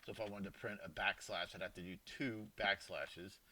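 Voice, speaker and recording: A man's voice: low-pitched, steady tone, moderate pace, pushed and bright, a little hiss or hum. A man giving a casual screen-recorded programming lesson, thinking aloud with informal asides and restarts. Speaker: programming teacher. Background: keyboard typing and clicks.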